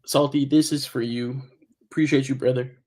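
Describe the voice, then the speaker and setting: A man hosting a relaxed streaming podcast. He talks loosely and casually, full of slang. He shouts out his subscribers with easy enthusiasm. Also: mid-range voice, moderate pace. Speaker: podcast host.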